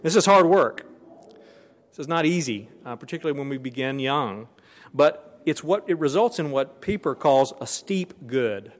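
A man's voice: medium pitch, expressive, normal speed. A man giving an earnest lecture on education and virtue, reading passages aloud with occasional restarts. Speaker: speaker on Christian education. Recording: long hall reverb.

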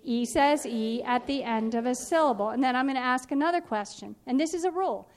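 A woman teaching a phonics and spelling workshop, explaining in a clear, patient, instructive way. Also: high voice, fairly quick, darkish tone.

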